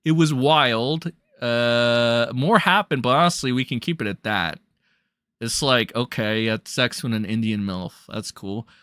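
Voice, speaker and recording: A man's voice: mid-range voice, unhurried, fairly bright tone, clear, resonant tone, dry recording, clean studio sound. A man hosting a casual livestream, reading chat messages aloud and commenting in a crude, rambling, mocking way with a lot of swearing.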